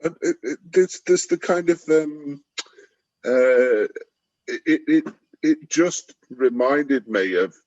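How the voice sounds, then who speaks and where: A man's voice: takes it slowly, darkish tone, dry recording. A man talking through a Bible passage in a casual discussion, rambling and acting out the quotes in a jumped-up voice. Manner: rambling, acts out quotes with sudden high pitch. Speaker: church discussion partner. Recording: dull lo-fi sound.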